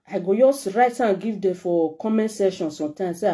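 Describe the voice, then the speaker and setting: In a mellow, medium-pitched voice, a middle-aged Nigerian woman speaks at a moderate pace with few pauses. The vlogger delivers an emotional, heartfelt direct-to-camera message to her followers.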